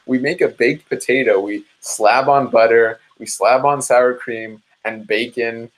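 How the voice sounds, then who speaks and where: Upbeat dietitian man, chatty and animated. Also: medium pitch, a little slow, rough recording. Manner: energetic, chatty, addresses viewers as "guys"; mimics listeners in animated quoted asides. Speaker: dietitian hosting a live support session. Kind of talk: casual live-stream advice talk.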